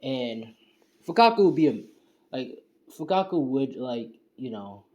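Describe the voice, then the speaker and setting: A man's voice: medium pitch, lively intonation, measured pace, a little mellow, dull audio. A man casually retelling a fan story, rambling with lots of fillers like "you know" and "and stuff". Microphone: home screen-recording setup.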